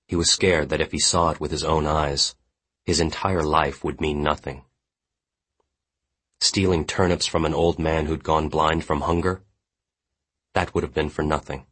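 An audiobook narrator reads literary fiction in a measured, grave manner. His extremely low voice carries a husky, breathy edge, and the scripted delivery stays steady.

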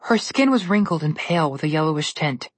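A woman narrating a storybook in an even, measured reading. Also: deep voice, husky, dry recording.

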